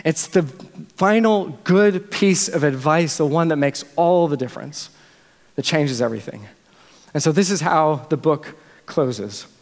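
High pitched guy preaching, earnest and conversational, lots of restarts, big echoey church. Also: unhurried. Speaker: pastor. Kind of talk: sermon. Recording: long reverb of a large hall.

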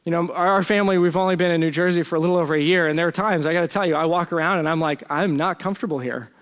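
A man's voice: a little high, steady tone, very fast, clear, resonant tone. A man preaching a sermon as pastor in a church, conversational and self-deprecating, with playful asides. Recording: long church hall reverb.

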